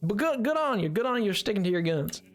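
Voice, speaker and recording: A man's voice: high-pitched, sing-song, quick pace, soft background music. A man streamer putting on a friendly Southern cowboy voice with a folksy drawl while greeting viewers on a live game stream. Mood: folksy cheerful. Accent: put-on American Southern. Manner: drawling, folksy phrases, breaks into laughter.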